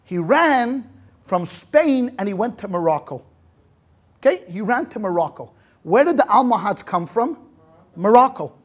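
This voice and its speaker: A rabbi giving a history lecture as a lively storyteller, acting out quotes and dropping Yiddish words. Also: male voice, high-pitched, a little slow. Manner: animated storyteller acting out quotes, many restarts. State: sweating in a hot room.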